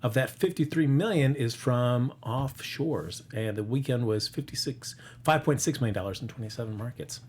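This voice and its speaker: A man's voice: medium pitch, moderate pace, a little mellow, slight background noise. Male host, box office chat, joking, stumbling over numbers, plenty of ums. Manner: rambling, filler-heavy, joking.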